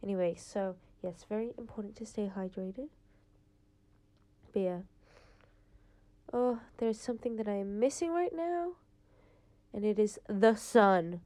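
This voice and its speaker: A woman's voice: medium pitch, lively intonation, a little slow, pauses often, mellow. A teenage girl, hosting her own podcast in a rambling, casual chat full of fillers. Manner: rambling, chatty, lots of "like" fillers. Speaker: podcast host. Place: home, late at night.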